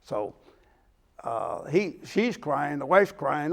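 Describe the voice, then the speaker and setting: Gravelly older man telling a story. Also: fairly high pitch, big pitch swings, slow pace, a bit bright. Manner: rambling storyteller acting out quotes. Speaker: host. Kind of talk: casual storytelling chat.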